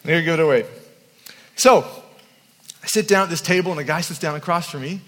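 A man preaches to young people at a camp, weaving in humorous, self-deprecating stories. His voice sits high for a man. The sound carries a long, lingering hall reverb. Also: brisk, fairly bright tone. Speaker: youth camp speaker. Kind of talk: storytelling sermon.

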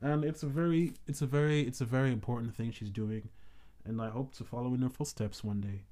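A man's voice: mid-range voice, steady tone, brisk, mellow. A man hosting a podcast, talking in a rambling, casual way with many restarts. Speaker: podcast host. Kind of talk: casual chat.

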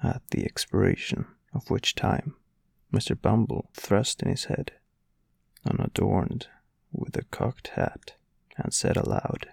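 Male narrator for a classic novel, husky and gravelly, measured and unhurried delivery. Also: fairly low pitch, dry recording. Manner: measured storytelling reading. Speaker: audiobook narrator.

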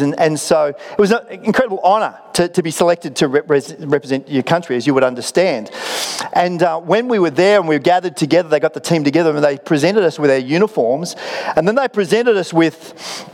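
Australian pastor in a reverberant hall. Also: male voice, a little high, a little mellow. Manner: conversational storytelling with self-deprecating humour. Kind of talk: sermon. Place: church auditorium. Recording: long reverb of a large hall.

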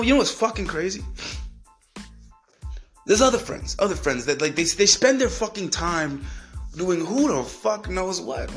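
Young guy ranting mad, cussing nonstop, stammers, highish voice, faint music behind. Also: fairly bright tone. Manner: angry, swearing heavily, repeating words, mocking others in a whiny voice. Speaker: podcast host. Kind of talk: profane solo rant.

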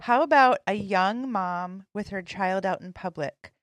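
Woman, mid pitch, conversational host, guiding questions, dry sound. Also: measured pace, dry recording. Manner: warm affirming interjections, guiding questions. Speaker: podcast co-host. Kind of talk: casual faith discussion.

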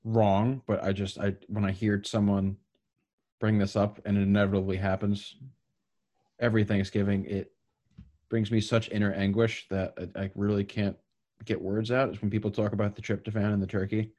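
A man chats on a podcast in a low voice, wandering through his points with plenty of "like" and restarts. He drifts into playful mock voices now and then. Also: level tone, normal speed, mellow. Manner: rambling, lots of fillers, mock voices. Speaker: podcast co-host. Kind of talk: casual podcast chat.

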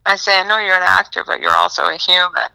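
Bright-voiced woman, playful storyteller. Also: on the low side, level tone, quick pace, clean tone, no echo, poor audio. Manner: giggly, acts out her own lines. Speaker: podcast guest. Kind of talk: playful role-play storytelling.

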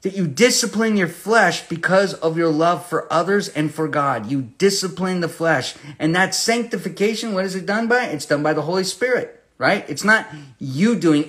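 A fairly high-voiced man gives a passionate verse-by-verse Bible teaching. He moves from loud, emphatic declarations to quiet, intimate storytelling, and his tone stays conversational throughout. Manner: impassioned, swings between loud emphasis and hushed storytelling.

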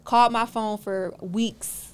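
A woman's voice: fairly high pitch, steady tone, slow pace, smooth. A young woman, a podcast guest, telling a story in a casual interview and acting out both sides of it. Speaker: podcast guest, car rental owner.

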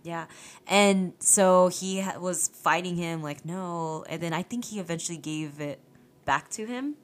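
A woman telling animated stories in a casual chat, swearing and laughing as she goes. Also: lowish voice, normal speed. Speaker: podcast guest.

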